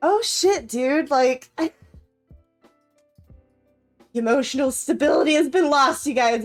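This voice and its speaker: A woman streaming a game chats casually with her viewers in a somewhat high voice. She is emotional and stammers, laughing through her words. Faint music plays behind her. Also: lively intonation, slow pace, pauses often. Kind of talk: casual live-stream chat.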